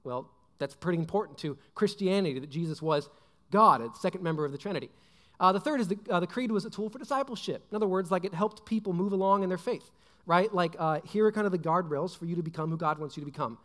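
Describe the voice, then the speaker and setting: A man's voice: high voice, fast, a bit bright. A young man preaching a casual, joking sermon, rambling with fillers and asides. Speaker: pastor. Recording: long hall reverb.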